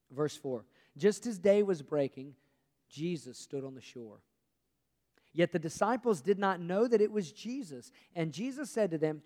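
A man preaching a sermon, telling a story with animated acted-out dialogue and self-deprecating humor. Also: on the high side, moderate pace. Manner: animated storytelling, acts out the disciples' lines. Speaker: pastor. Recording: long hall reverb.

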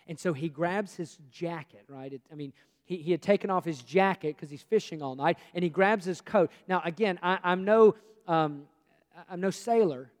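High-pitched guy preaching, acts out the story lines, big hall echo. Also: a little mellow. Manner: self-deprecating humor. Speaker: pastor. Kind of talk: sermon. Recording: long hall reverb.

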